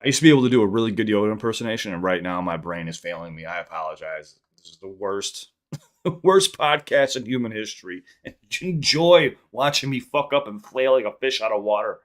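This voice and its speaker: A man's voice: on the low side, lively intonation, a little fast. A young adult man from the Chicago area, hosting a casual live-stream podcast and reading out chat questions in a loose, profane, rambling way.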